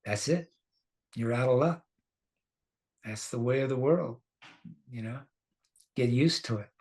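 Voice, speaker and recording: A man's voice: medium pitch, measured pace, slightly rough. A man voicing a weary, resigned mother telling her son to accept his fate, in a scripture class. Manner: flat, resigned.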